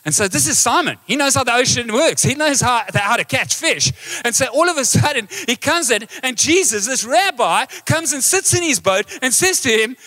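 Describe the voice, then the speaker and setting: A man with a high, bright voice preaches a live sermon to his church. He is animated, keeps asking the congregation questions and drawing them in. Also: normal speed. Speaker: pastor. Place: church hall.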